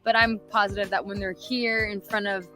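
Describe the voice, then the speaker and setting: A woman's voice: mid-range voice, flat delivery, a little fast, pushed and bright, faint music behind, low-quality recording. A woman co-hosting a casual live-stream chat, upbeat and chatty with many fillers. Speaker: co-host. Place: studio.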